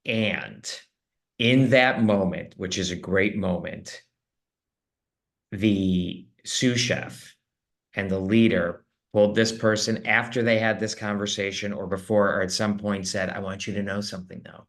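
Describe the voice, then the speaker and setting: A man appearing as a podcast guest, a leadership coach who talks in an earnest, emphatic way, as if giving a pep talk. His voice is fairly low, and he makes his points with conviction and now and then some rough language. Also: steady tone, slow pace, a bit bright. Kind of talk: casual interview talk.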